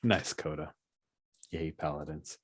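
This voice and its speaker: A woman's voice: very deep voice, steady tone, unhurried, slightly rough, dry recording, studio quality. A woman playing in a tabletop game, giving short, upbeat reactions in casual chat. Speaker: player.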